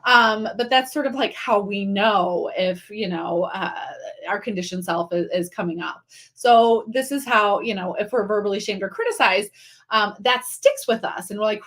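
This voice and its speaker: A woman's voice: mid-range voice, moderate pace. Chatty woman coaching live. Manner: warm, conversational, many fillers and restarts, greets viewers by name. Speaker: coach running a live online training. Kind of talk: live-streamed teaching talk.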